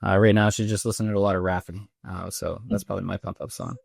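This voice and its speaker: A man's voice: sits low, fairly even intonation, fast talker, vocal fry, dry recording, clean studio sound. A man in his thirties hosting a podcast interview, chatty and rambling, with many restarts in his questions. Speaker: podcast host. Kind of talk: conversational interview.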